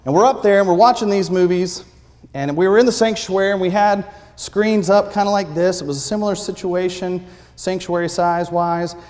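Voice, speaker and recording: A man's voice: high voice, fairly quick. Man preaching a story in a reverberant sanctuary. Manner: animated personal anecdote with acted-out quotes. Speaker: pastor. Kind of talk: sermon storytelling. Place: church sanctuary. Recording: long reverb of a church sanctuary.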